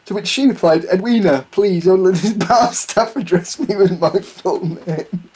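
A man's voice: sits high, normal speed, darkish tone, slightly rough. A man reading a listener's story aloud on a comedy podcast, laughing at it as he goes. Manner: giggly, keeps breaking into laughter.

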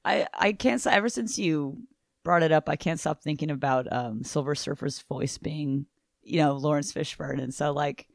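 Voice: medium pitch, gravelly, no room sound, studio quality. A co-host of a comic book podcast chatting playfully and joking. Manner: playful, jokey, quick to laugh. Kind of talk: casual chat.

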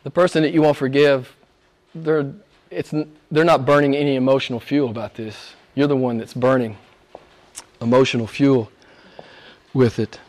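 A man preaching a sermon, rising to loud, high emphatic peaks and dropping to hushed near-whispers, with rhetorical questions and repetition. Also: fairly even intonation, moderate pace, long pauses. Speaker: pastor.

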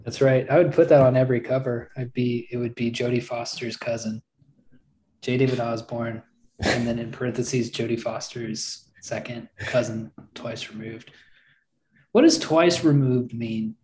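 A man's voice: mid-range voice, fairly even intonation, moderate pace, darkish tone, slight background noise, rough recording. A man from Virginia with a slight Virginian accent, joking and rambling in a casual podcast chat. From Virginia, USA. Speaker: podcast co-host, author.

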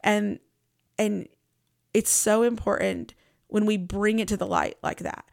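A woman's voice: mid-range voice, fairly even intonation, measured pace, creaky, a little mellow, no echo, studio quality. A woman hosting a Christian podcast, talking in an earnest, reflective, conversational way. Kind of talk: casual devotional podcast talk.

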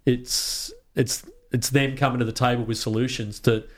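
A man's voice: medium pitch, flat delivery, moderate pace. An Australian man talking as a podcast guest in casual conversation, passionate and sweary, often restarting his sentences.

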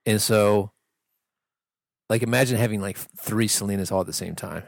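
Casting: low-pitched man, easygoing talk, dry close mic. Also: vocal fry, dry recording. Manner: supportive listener, frequent quick agreement. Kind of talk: casual chat.

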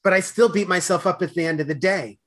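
A man with a Boston accent talking fast as a podcast guest, with stammered restarts and slurred words. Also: sits high, fairly bright tone. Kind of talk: casual conversation.

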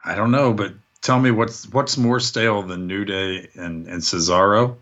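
A man's voice: on the low side, steady tone, moderate pace, fairly bright tone, dull audio. A man co-hosting a casual podcast chat, chiming in with dry, wry remarks. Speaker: podcast co-host.

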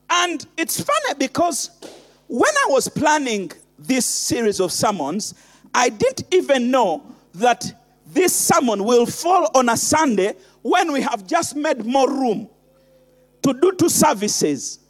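A male pastor preaching in a church, shouting in sing-song bursts, then dropping to hushed, soft lines. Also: very high voice, big pitch swings, slow pace, big-room sound. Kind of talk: preaching a sermon. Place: church hall.

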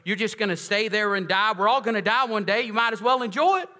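High, bright-voiced preacher. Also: male voice, fast. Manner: emphatic and conversational, asks the congregation questions. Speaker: pastor. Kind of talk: sermon. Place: large church sanctuary. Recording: echoey church hall.

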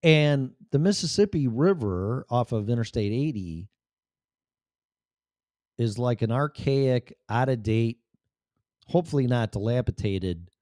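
A man's voice: mid-range voice, a little mellow, dry recording, clean studio sound. A man hosting a show, telling a personal story bluntly, full of profanity.

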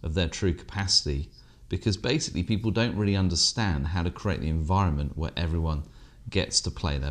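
A British man from England co-hosting a business podcast, chatting casually with dry, self-deprecating humour. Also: low voice. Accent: British English. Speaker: podcast co-host.

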